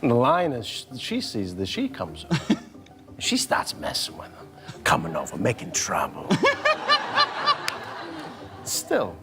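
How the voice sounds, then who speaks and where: A man doing a comic impression of a famous older actor, with halting, oddly stressed phrasing. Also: on the low side, huge pitch swings, music in the background, heavily acted. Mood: deadpan.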